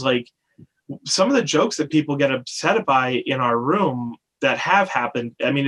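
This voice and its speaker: Animated man telling club stories. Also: medium pitch, husky. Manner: animated storyteller, acts out customers with a raised voice. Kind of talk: casual interview chat.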